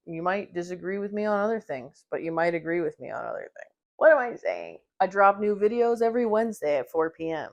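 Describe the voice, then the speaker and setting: Speaking in a lowish voice, a young woman who vlogs about books gives a sarcastic, opinionated review straight to camera. She curses freely and keeps mocking the characters with over-the-top voices.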